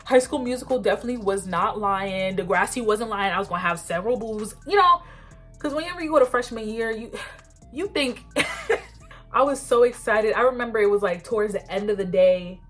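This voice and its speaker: A woman's voice: medium pitch, a little fast, soft background music. A woman in her twenties telling a casual storytime as a beauty vlogger, chatty and slangy, with lots of "like". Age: 20s. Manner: chatty, peppered with "like", slangy and animated.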